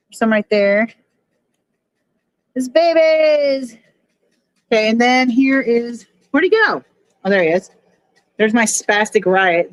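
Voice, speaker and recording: A woman with a somewhat high voice chats to her live-stream audience from her phone at home. She swears freely and grumbles at her gear. The sound is dry and close, with no room echo. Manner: frustrated, swears a lot, talks to chat. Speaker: streamer showing her fish tanks. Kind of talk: casual live-stream chat.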